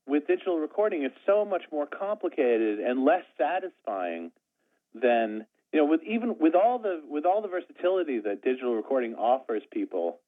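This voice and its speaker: A man talking as an interview guest in a rambling, self-deprecating way, full of restarts. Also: mid-range voice. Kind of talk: casual conversation. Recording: tinny phone line.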